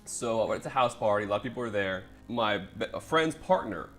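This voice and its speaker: Young male podcast guest, rapid hesitant delivery, faint music underneath. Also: lowish voice, animated, fairly bright tone. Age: young adult. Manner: rapid talker, many ums and uhs. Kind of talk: casual chat.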